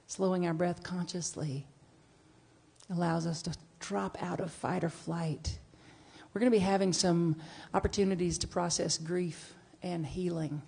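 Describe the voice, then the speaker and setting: A middle-aged woman minister, giving a conversational sermon with animated storytelling that moves between hushed reflection and playful bursts. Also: on the low side, creaky, breathy edge.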